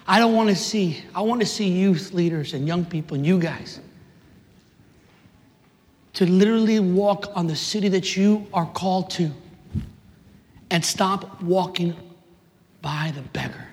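A man, preaching passionately to young people, rising to emphatic shouts and dropping in joking asides. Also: sits high, measured pace, pauses often. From New York City, USA. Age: 30s. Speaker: youth minister. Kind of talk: preaching to a live audience. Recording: reverberant hall.

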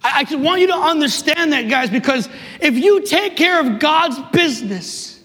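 A man, preaching passionately to young people, rising to emphatic shouts and dropping in joking asides. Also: very high voice, expressive, moderate pace. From New York City, USA. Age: 30s. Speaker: youth minister. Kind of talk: preaching to a live audience. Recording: reverberant hall.

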